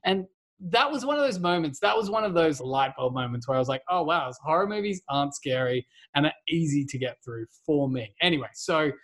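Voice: mid-range voice, lively intonation, a little fast, fairly bright tone. A podcast co-host, chatting casually in a rambling way and laughing often. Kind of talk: casual chat.

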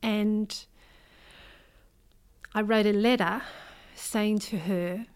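A middle-aged Australian woman, an author, telling a painful personal story in an interview, earnest and hesitant, with frequent pauses and restarts. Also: mid-range voice, fairly even intonation. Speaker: interview guest, memoir author.

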